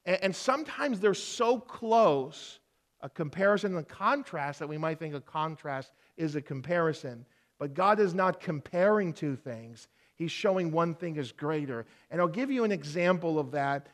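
A man with a somewhat higher voice delivers a sermon as a pastor. He teaches in an earnest way, posing rhetorical questions and slowing down to repeat key phrases for emphasis.

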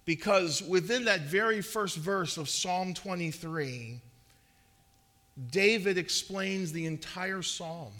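High, bright-voiced earnest male preacher. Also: takes it slowly. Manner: earnest preaching with swelling emphasis and repeated words. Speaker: pastor. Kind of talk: sermon.

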